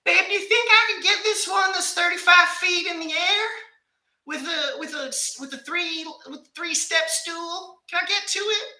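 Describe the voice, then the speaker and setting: A man doing a mocking impression of his anxious, fussy wife in a high, whiny falsetto. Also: normal speed, sharp tone, heavily acted. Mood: pleading. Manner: shrill, whiny and exaggerated. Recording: echoey room.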